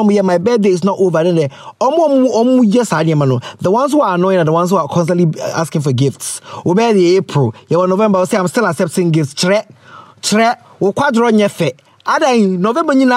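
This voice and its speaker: A man's voice: sits high, a little mellow, no room sound, clean studio sound. A man with a Ghanaian accent hosting a podcast from his closet at home, chatting casually and joking, slipping into local slang. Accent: Ghanaian English. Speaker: podcast host. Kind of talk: casual chat.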